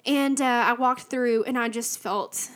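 A young woman with a slightly high voice recounts a personal faith testimony. She talks casually with many fillers and sounds emotional and close to tears. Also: measured pace.

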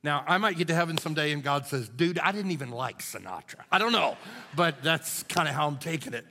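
A man's voice: on the high side, expressive, fairly quick, bright, forceful tone, slight background noise. A middle-aged man, a lead pastor, telling personal stories in a folksy, conversational sermon, often tossing in "man.". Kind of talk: storytelling sermon. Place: church sanctuary. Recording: church hall with long reverb.

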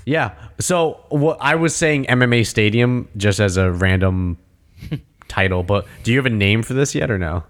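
A man in casual chat who talks excitedly, swears freely, and acts out imagined conversations. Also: on the low side, normal speed.

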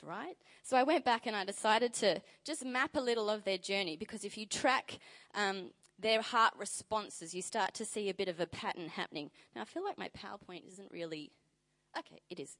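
A woman preaching a sermon in a conversational way, reading scripture aloud with lively emphasis. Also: mid-range voice.

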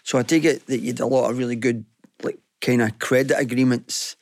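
Gravelly male radio co-host asking questions. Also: medium pitch, steady tone, fairly quick, darkish tone, dry recording, clean studio sound. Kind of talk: radio talk show.

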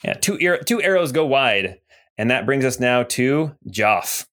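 A man's voice: mid-range voice, lively intonation, unhurried, fairly bright tone. Easygoing male game master. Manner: easygoing, narrates with frequent fillers and laughs. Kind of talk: narrating a tabletop game.

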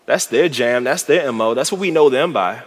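A man preaching a casual, slangy sermon, animated and laughing often as he retells a Bible passage. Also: medium pitch, normal speed. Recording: hall reverb.

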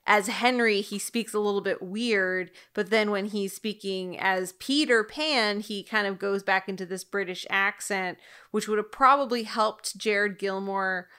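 A woman's voice: mid-range voice, measured pace, hardly any pauses, bright, forceful tone, clear, resonant tone. Woman, podcast co-host, casual chat, thoughtful, lots of fillers. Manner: thoughtful, hedging, many fillers.

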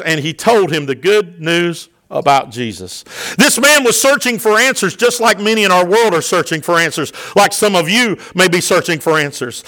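Male pastor, middle-aged, high ringing voice; fervent sermon delivery that swells to loud peaks. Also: low-quality recording. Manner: impassioned preaching with sudden loud peaks.

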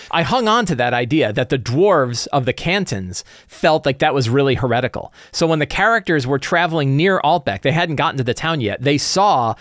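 A man hosting a podcast, talking casually and loosely about running a tabletop campaign, with frequent quick asides. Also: a little high, expressive, fairly bright tone, dry recording, clean studio sound. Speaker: podcast host and game master.

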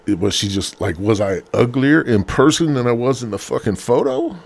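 A man's voice: medium pitch, big pitch swings, moderate pace, gravelly. A man hosting a podcast from his bed at home, talking casually in a rambling, profane, slangy way. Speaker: podcast host.

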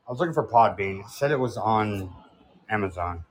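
A man's voice: lowish voice, expressive, fairly quick. A middle-aged man co-hosting a podcast in casual chat, joking around and trying out silly voices. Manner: jokey, tries out silly voices. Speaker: podcast co-host.

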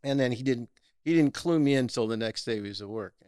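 A middle-aged man, a guest actor, telling stories in a lively, casual chat and laughing often. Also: mid-range voice, fast talker, clear, resonant tone, no room sound, clean studio sound. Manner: animated, storytelling, laughs often.

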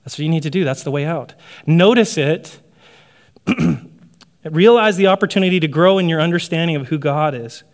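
A man preaching a sermon in a conversational way, often checking in with "right?" and laughing lightly. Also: a little high. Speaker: pastor.

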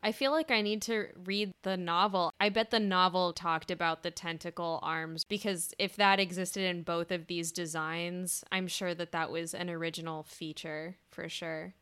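A woman's voice: on the low side, steady tone, moderate pace, hardly any pauses, a bit bright, clear, resonant tone. A woman co-hosting a casual film podcast, musing thoughtfully and speculating aloud. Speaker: podcast co-host. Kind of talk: casual chat about films.

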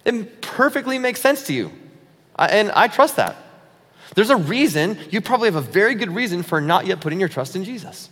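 Pria pendeta, berkhotbah santai dan jenaka. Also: male voice, high-pitched, animated, brisk, a bit bright, in a large hall. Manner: conversational preaching with self-mocking asides. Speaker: pastor. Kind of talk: sermon.

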